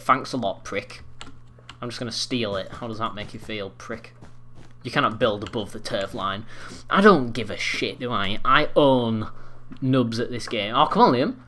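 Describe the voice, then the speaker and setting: A sixteen-year-old boy doing excitable, foul-mouthed gameplay commentary, trash-talking other players. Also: mid-range voice. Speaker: gaming commentator.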